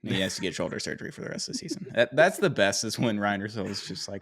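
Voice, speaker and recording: A man co-hosting a casual sports podcast, talking in a slightly low voice. He jokes around and often breaks into laughter partway through a sentence, speaking into a podcast mic. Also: expressive, fast talker, a bit bright. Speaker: podcast co-host.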